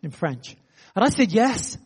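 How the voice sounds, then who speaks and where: Lively high-voiced male preacher. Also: normal speed, long reverb tail. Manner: animated, building excitement in anecdotes. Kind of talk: storytelling sermon.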